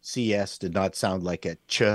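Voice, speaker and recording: A man's voice: deep voice, normal speed, dry recording. A man from Canada, a former network executive, guesting with wry, joking banter. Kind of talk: casual banter.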